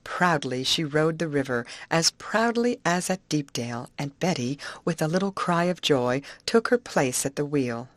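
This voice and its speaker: A woman reading an adventure audiobook with expressive storytelling. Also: low voice, moderate pace, hardly any pauses, no echo. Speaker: audiobook narrator.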